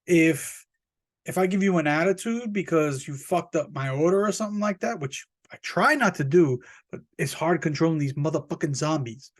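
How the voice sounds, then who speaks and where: A man hosting a podcast, talking in a rambling, profane, joking monologue that jumps up high when he plays indignant. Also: lively intonation, moderate pace. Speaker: podcast host. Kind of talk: casual comic podcast monologue.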